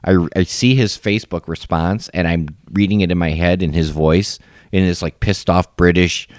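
A man's voice: deep voice, steady tone, normal speed, dry recording, clean studio sound. A man co-hosting a casual podcast, telling sarcastic stories and acting out other people. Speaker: podcast co-host.

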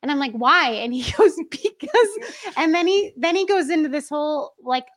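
High-voiced giggly woman telling a story. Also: animated, brisk. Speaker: guest, host's wife. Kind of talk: casual podcast chat.

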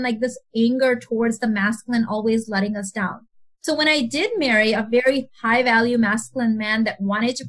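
A woman speaking as a guest mentor on a podcast, her voice sitting high. She talks in an animated way, slipping into quoted voices and laughing often. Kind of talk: podcast interview.

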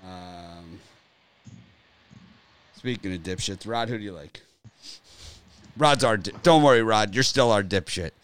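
Deep-voiced joking male betting host. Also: measured pace, pauses often, a bit bright, clean tone, no echo. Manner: joking, rambling, teasing co-hosts. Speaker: sports betting show host. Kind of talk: casual banter podcast.

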